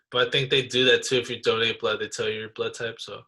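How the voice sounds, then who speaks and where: Young male podcast co-host, bright forceful tone, laid-back and slangy, quick to laugh. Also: medium pitch, level tone, rough recording. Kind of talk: casual chat.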